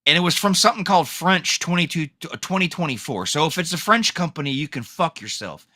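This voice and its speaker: A man's voice: fairly high pitch, lively intonation, fairly quick, sharp tone. A man hosting his own podcast, ranting angrily and swearing heavily in a solo talk. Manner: angry, profane ranting. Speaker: podcast host. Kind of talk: solo rant.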